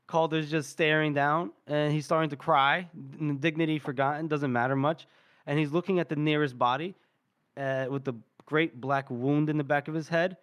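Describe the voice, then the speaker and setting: A man's voice: fairly high pitch, a bit bright, clear, resonant tone. Laughing man retelling a book scene. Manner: retells scenes with quick voiced quotes and laughter. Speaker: podcast co-host. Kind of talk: casual book discussion.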